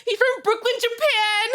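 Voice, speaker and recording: A woman streamer giving casual reaction commentary, animated and giggly, with lots of filler words. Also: extremely high pitch, a little slow.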